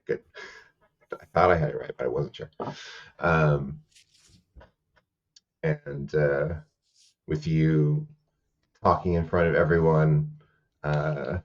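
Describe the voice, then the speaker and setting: A man narrating a tabletop game as game master, halting with many fillers. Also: rumbling low, dull audio.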